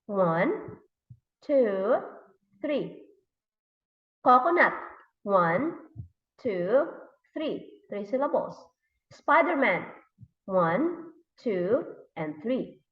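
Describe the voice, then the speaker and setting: A woman English teacher with a Thai accent leading a classroom lesson, slowly repeating words and sounding out letters and syllables. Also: a little high, sing-song, distant mic. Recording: echoey room, dull lo-fi sound.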